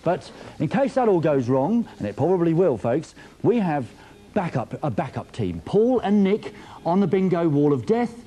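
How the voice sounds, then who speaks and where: Jokey tv host guy, chatty, kinda high pitched, mellow warm tone. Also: big pitch swings, normal speed. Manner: chatty, self-mocking, playful. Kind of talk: jokey TV show presenting.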